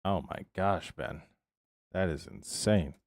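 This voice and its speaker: A man's voice: sits low, takes it slowly, dry recording, clean studio sound. An American man live-streaming a building game, chatting casually with viewers and rambling between tasks as he answers them by name. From United States.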